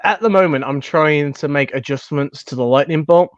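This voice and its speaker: A man's voice: fairly high pitch, moderate pace, dry recording, dull audio. A young British man, a fan filmmaker, chatting casually and rambling with many restarts. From United Kingdom. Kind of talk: casual chat.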